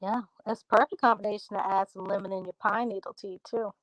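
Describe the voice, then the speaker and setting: A woman hosting a casual livestream, reading out viewer comments and answering them in a relaxed, drawling country way. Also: medium pitch, brisk, no room sound, muffled recording.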